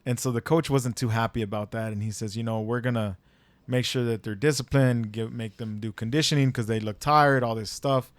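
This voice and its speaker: A young man on a podcast, telling a story in a casual, animated way, laughing and swearing as he goes. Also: medium pitch, fairly quick, no room sound. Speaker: podcast co-host.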